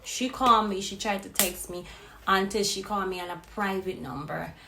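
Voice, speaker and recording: A woman vlogger telling a personal story in a casual, animated and profane way. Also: mid-range voice, normal speed, vocal fry. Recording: roomy with faint noise.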